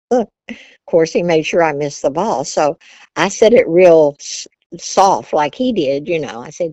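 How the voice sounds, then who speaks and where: Low-voiced old grandma from virginia, chatty, laughs a lot, dull dry recording. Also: female voice, normal speed, warm tone, dry recording. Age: older. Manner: chatty, laughs often, Southern turns of phrase. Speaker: interview guest, grandmother. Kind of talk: casual storytelling.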